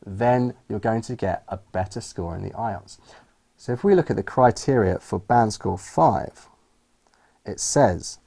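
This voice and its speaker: A man with a British accent teaching English pronunciation, explaining clearly and demonstrating stress with example sentences. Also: medium pitch, dark tone. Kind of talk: explaining lesson to camera.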